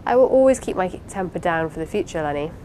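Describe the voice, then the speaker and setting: A woman reading the part of an impulsive, warm-hearted young wife in an audiobook, with an eager, pleading, apologetic manner. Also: lowish voice, animated, quick pace, slight background noise, close to an everyday voice, poor audio. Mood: anxious.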